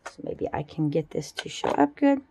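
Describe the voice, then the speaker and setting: A woman casually showing off her handmade jewelry in a relaxed, chatty way at a home craft table. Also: sits low, moderate pace, vocal fry. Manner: chatty, relaxed, fond little asides. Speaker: jewelry-making vlogger. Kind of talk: casual show-and-tell.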